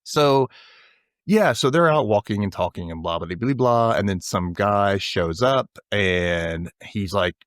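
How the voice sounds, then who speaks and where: A man's voice: fairly low pitch, measured pace, no room sound. Chatty man retelling scenes, dry sound. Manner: animated retelling, acts out characters' lines. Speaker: podcast host. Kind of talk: casual recap chat.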